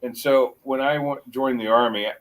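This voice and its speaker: A middle-aged man with a mixed American accent, chatting casually as a guest on a livestream and rambling with halting restarts. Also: mid-range voice, steady tone, rough recording. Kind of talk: casual chat.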